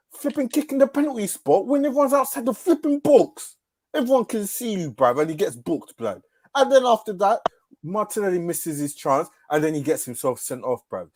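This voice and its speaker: A man's voice: on the high side, dry recording. A man co-hosting a podcast, arguing football in slangy, insistent talk. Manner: slangy, insistent, repeats "bruv". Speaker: podcast co-host. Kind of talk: heated football debate.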